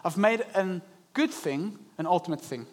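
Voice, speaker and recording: Young male pastor, high-pitched, animated sermon delivery. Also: normal speed. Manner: animated preaching, acting out inner voices. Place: church service.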